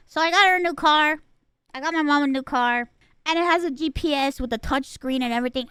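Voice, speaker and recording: A woman's voice: sits high, brisk, sharp tone, no room sound. A woman streamer telling a story in casual chat, emotional and rambling, swearing freely.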